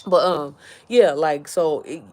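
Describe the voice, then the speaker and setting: An online business creator chats casually with her followers from home in a low-pitched, darkish voice, taking it slowly. She rambles, gets sidetracked easily, and keeps talking directly to her viewers.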